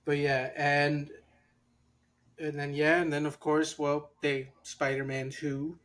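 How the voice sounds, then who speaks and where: A man's voice: on the high side, completely flat delivery, takes it slowly, fairly bright tone. A man co-hosting a podcast, chatting casually about games in a hesitant way that trails off. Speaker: podcast co-host. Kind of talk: casual chat.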